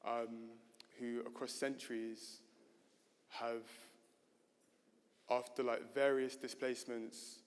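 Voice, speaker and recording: Guy talking on a panel stage, lots of ums and restarts, flat steady voice, big echoey hall. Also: mid-range voice, slow, pauses often. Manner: hesitant, many fillers and restarts. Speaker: panel speaker. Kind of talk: unscripted panel talk. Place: gallery event stage. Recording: reverberant hall.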